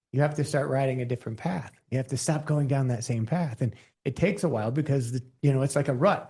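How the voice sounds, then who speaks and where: A man's voice: medium pitch, darkish tone. A man hosting a podcast, talking casually and personally, with many restarts. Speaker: podcast host. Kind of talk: casual conversation.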